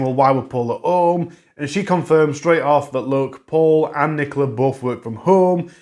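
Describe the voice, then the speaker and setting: A man hosting a true crime channel, talking viewers through a case update in a conversational way and correcting his own earlier slips. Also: mid-range voice. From England. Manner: conversational, recapping and correcting himself, regional grammar.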